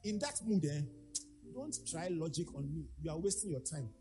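Lively, emphatic male preacher. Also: fairly high pitch, normal speed, over music, rough recording. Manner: emphatic, repeats key phrases, acts out quoted voices. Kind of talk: sermon.

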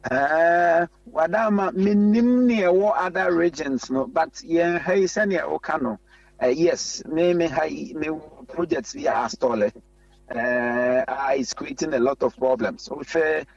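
A gravelly-voiced man speaks over a dull, muffled phone line, held a little away from the mouth. He is a politician on a radio call-in who talks haltingly and fills pauses with sounds. The line is dry, with no room around it. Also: on the high side, no room sound, far from the mic. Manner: halting, many filler sounds, lists places at length. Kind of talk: phone interview.

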